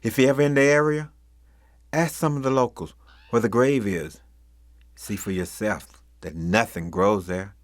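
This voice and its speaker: A man telling a ghost story, swelling loud for the mob's cries and sinking to near-whispers. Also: lowish voice, steady tone, moderate pace, dry recording.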